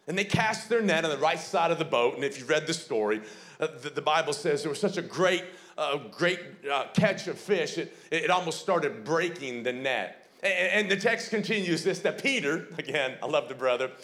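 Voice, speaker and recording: A man's voice: high voice, a bit bright. A man preaching a sermon as a pastor, fervent and emphatic. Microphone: streamed online sermon.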